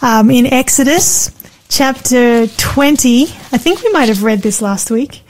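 A woman co-hosting a Bible study discussion, speaking in a clear, measured way. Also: fairly high pitch, lively intonation, a little hiss or hum. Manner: clear, measured, good reading voice. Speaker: co-host.

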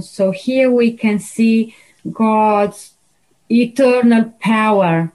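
Slow, mellow woman reading a verse. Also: fairly high pitch, fairly even intonation, rough recording. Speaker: Bible study panelist. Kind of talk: reading a verse in a Bible study.

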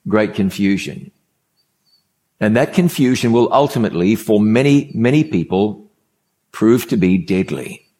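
A man's voice: on the low side, animated, dark tone. A man preaching a sermon, opening with a story and speaking in a conversational way, repeating key words for emphasis. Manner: conversational, repetitive emphasis, measured pauses.

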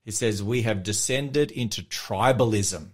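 A man's voice: lowish voice, unhurried. An Australian pastor co-hosting an afternoon radio show. His talk is loose and rambling, full of ums and restarts, and he laughs easily. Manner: chatty, animated, laughs often, rambling with fillers. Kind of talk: casual radio chat. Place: radio studio.

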